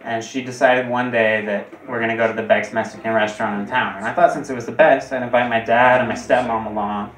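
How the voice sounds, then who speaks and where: A man performs stand-up comedy on a club stage, his voice sitting at an ordinary pitch. He jumps higher and louder on his punchlines. The sound is roomy and heard from some way off the mic. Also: steady tone, fast, few pauses. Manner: jumps high and loud on punchlines. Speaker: stand-up comic. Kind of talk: stand-up routine. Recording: roomy and distant. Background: audience laughter.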